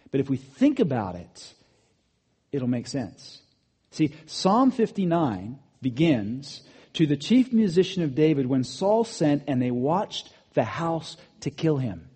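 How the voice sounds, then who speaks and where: A man preaching a sermon, animated, rising to emphatic peaks and dropping to quiet asides. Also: on the high side, husky. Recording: long hall reverb.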